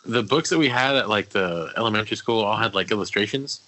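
A man on a casual podcast speaks in a measured, reflective way. His voice is low but bright and forceful, with an edge that cuts through. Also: low-quality recording. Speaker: podcast co-host.

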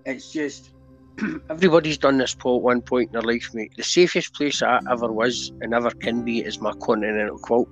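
A man's voice: mid-range voice, fairly even intonation, brisk. A middle-aged Scottish man, a podcast guest telling his story in earnest, casual talk, always asking if you know what he means. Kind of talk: candid conversational storytelling. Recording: dull lo-fi audio with faint music.

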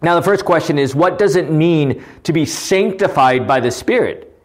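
Pastor, man, fairly high voice, earnest teaching delivery, keeps asking "right?". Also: moderate pace. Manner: earnest, animated, often asks "right?". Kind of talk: teaching sermon.

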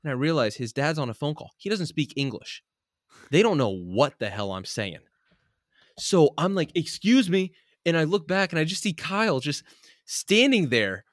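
A young man co-hosting a casual chat, telling a story in an animated way, swearing freely and laughing often. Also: fairly high pitch, moderate pace, no echo, studio quality.

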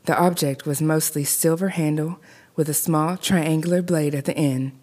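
A woman narrating a scripted horror story in a measured, deliberate way. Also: deep voice, fairly even intonation, a little mellow.

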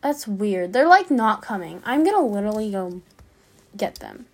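A woman's voice: medium pitch, sing-song, moderate pace. A woman chatting casually as she plays a game, reading its lines aloud and reacting along the way. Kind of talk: gameplay commentary.

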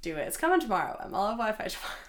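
A young college woman co-hosting a casual podcast from her bedroom. She rambles through a long story and acts out the people she quotes, and her voice sits at an ordinary middle pitch. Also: sing-song, racing. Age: young adult. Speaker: podcast co-host. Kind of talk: casual chat. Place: bedroom in a student house.

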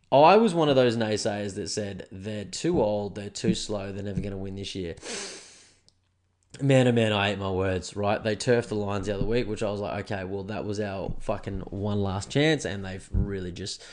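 Australian podcast host, young man, lowish voice, casual and sweary, a bit stuffy from hay fever. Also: normal speed, a little mellow. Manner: laid-back, swears often, rambling. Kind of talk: casual solo podcast chat.

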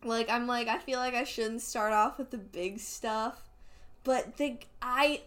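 A young woman co-hosting a casual chat, excitable and full of fillers and swearing. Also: a little high, unhurried. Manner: excitable, swearing, many fillers, squeals when upset. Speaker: podcast co-host. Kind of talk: casual chat reacting to a webcomic.

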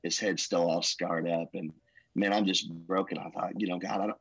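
A man who is a pastor telling his life story in an emotional, earnest way, with a husky voice. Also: low voice, steady tone, moderate pace, fairly bright tone, dry recording, low-quality recording. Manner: emotional, earnest, says "man" and "bro" often. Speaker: pastor, podcast guest. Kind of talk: testimony storytelling.

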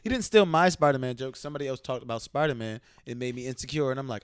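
A young man co-hosting a podcast, telling stories loudly and swearing a lot. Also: medium pitch, quick pace, clear, resonant tone, no room sound, studio quality. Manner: loud, animated storytelling, swears a lot. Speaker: podcast co-host. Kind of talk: casual chat.

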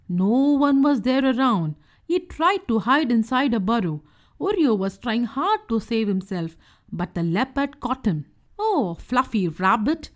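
A woman with a high voice reads a children's story aloud. Her reading is clear, gentle and expressive, made for young listeners.

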